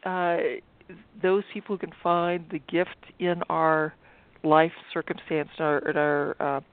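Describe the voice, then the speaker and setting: A middle-aged woman physician speaking as an interview guest, thoughtful and halting, with many fillers and restarts. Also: on the low side, flat delivery, clean tone, dry recording. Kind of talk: interview conversation. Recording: tinny phone-like line.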